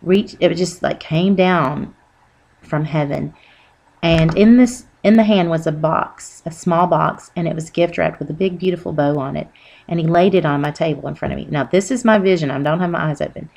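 Woman, deep voice, gravelly, earnest, halting, personal testimony. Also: a little mellow. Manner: earnest, rambling with many fillers. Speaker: Christian testimony speaker.

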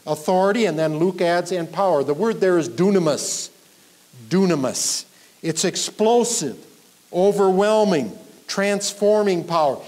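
Man preaching, voice a bit on the high side, punches key words then trails off low, teaching verse by verse. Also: normal speed, darkish tone. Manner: teaching verse by verse, emphatic rises, trailing off low at line ends. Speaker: pastor. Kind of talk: sermon. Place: church sanctuary.

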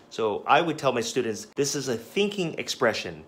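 A man's voice: medium pitch, big pitch swings, fairly bright tone, reverberant, distant mic. Patient man explaining a flashcard lesson. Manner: clear, deliberate enunciation with a patient teaching tone; switches between English and Japanese phrases to explain them. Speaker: English teacher.

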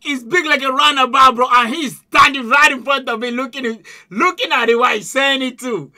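A man hosting a music reaction video, talking loudly and excitedly in slangy, shouted commentary. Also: very high voice, moderate pace. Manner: loud, shouting, laughing, slangy. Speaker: YouTube music reaction host.

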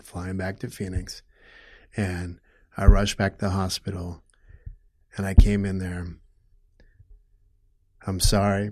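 Middle-aged man, lowish voice, interview guest; halting, emotional storytelling, gets heated. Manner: emotional, halting, restarts often, grows loud when upset. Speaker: guest telling his story.

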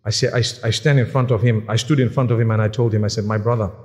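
A man's voice: fairly low pitch, fairly even intonation, quick pace, a little mellow. A man preaching a sermon, earnest and exhorting, telling stories with quoted dialogue. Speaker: Islamic preacher. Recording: long hall reverb.

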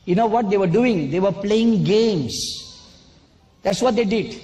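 Male preacher, fairly high voice, slow and deliberate sermon delivery, sometimes scolding. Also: warm tone. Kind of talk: sermon with personal testimony.

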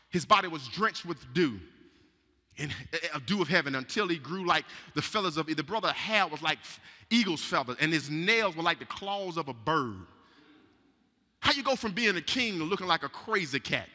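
A male pastor preaching an impassioned sermon, swinging from shouts to hushed asides and calling for amens, in an echoey church sanctuary. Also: high-pitched.

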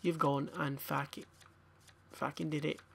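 A man's voice: a little high, level tone, a little slow, gravelly, fairly bright tone, slight background noise. A young man commentating a game pack opening, tired and swearing as he mutters to himself. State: tired, yawning. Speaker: gaming YouTuber.

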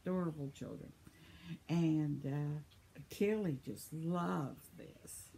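A woman in her seventies chats casually as she reads viewer comments, laughing often. Her voice is gravelly and a little worn, as if she is losing it. She talks slowly and unhurriedly. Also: low voice, mellow, slight background noise. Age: 70s. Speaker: vlogger reading viewer comments. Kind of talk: casual chat.

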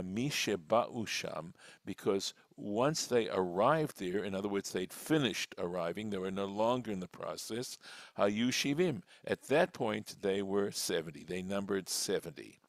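A man's voice: fairly low pitch, dry recording, studio quality. A man teaching a text class as a rabbi, reading lines aloud and then translating and explaining them patiently. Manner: deliberate, with frequent fillers and restarts. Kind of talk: slow, methodical text study.

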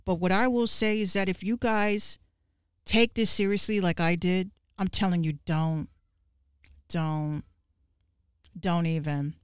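A woman podcast host ranting on a livestream, profane and fiery, with quick asides to her viewers. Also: lowish voice, fairly even intonation, clear, resonant tone, no echo, studio quality. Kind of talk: livestream rant.

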